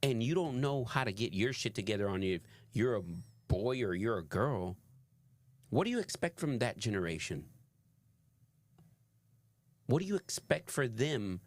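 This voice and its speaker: A man's voice: on the low side, expressive, measured pace, long pauses, no echo. A man co-hosting a reaction video, giving emphatic commentary and swearing freely. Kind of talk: casual opinionated commentary.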